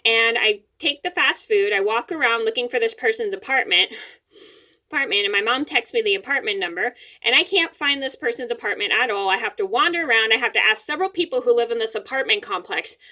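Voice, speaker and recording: A young woman tells her story in a rambling, casual way, doubling back on words and breaking off to apologize. Her voice is bright and a little high, and she sounds slightly teary-eyed. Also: expressive, a little fast. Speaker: vlogger.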